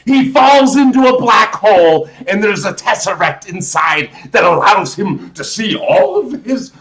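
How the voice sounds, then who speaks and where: A man's voice: sits high, fairly bright tone, echoey room. A man hosting a live show, rambling through a casual movie rant with emphatic restarts and rhetorical questions. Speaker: host.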